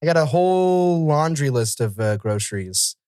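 A man's voice: a little high, animated, moderate pace, darkish tone, no room sound. A man co-hosting a podcast, riffing goofily in casual chat at a close studio mic. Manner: goofy, riffing. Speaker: podcast co-host.

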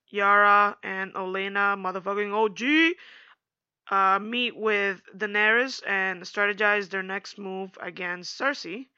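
A young woman chatting casually in a slangy, animated recap, acting out quotes as she goes. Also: medium pitch, clean tone, dry recording, lo-fi sound.

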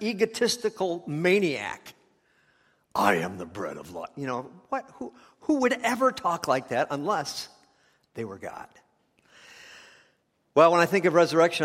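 A man preaching a sermon as pastor, emphatic and rising to loud peaks. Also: mid-range voice. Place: church sanctuary. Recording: long church reverb.

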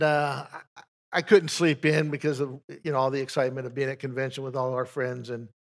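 Older male pastor, gravelly, folksy pulpit testimony, trips over his own starts. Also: mid-range voice. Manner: folksy storytelling with frequent restarts.

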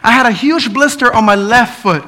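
A male preacher with a strikingly high voice and a bright, forceful tone. He preaches casually and with humor, weaving in personal stories and stumbling over repeated words as he goes. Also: moderate pace. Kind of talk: sermon.

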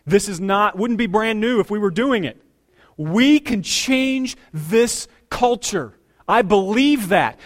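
Brief: middle-aged male pastor, high tenor voice, punchy preaching that drops low and rises loud. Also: expressive, slow pace. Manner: emphatic preaching with sudden loud and quiet turns. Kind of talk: sermon. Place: church sanctuary.

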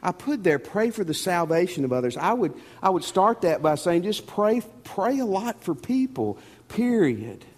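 A man preaching a sermon as pastor, folksy and animated, often repeating words. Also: sits high, moderate pace, hardly any pauses. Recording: long reverb of a church hall.

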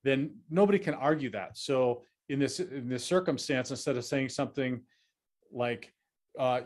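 A man's voice: medium pitch, moderate pace. A man hosting an advice podcast, speaking earnestly and reassuringly, with many fillers and restarts. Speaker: podcast host.

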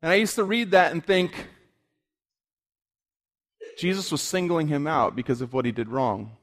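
A man's voice: fairly high pitch, moderate pace. A man preaching a sermon with passion, asking the listeners rhetorical questions. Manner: impassioned, rhetorical questions, rising intensity.

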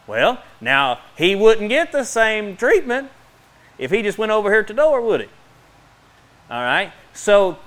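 A middle-aged man preaching a sermon in a fast, folksy way, with bursts of emphasis between quick asides. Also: fairly high pitch, fairly bright tone.

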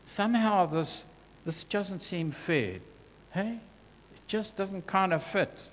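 A man preaches at a slow, measured pace, his voice carrying a long reverb through a church hall. He sounds earnest and deliberate, and he goes quiet and gentle whenever he quotes scripture. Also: high voice. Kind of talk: sermon.

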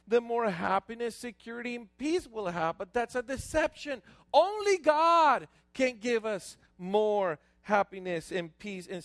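A man, a pastor, preaching a lively sermon with stories and call-outs to the congregation. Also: very high voice, no room sound.

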